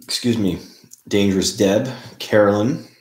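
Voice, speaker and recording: A man hosting a casual live stream, chatting in a relaxed way and greeting viewers by name. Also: on the low side, measured pace. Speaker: livestream host. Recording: roomy, echoey room sound.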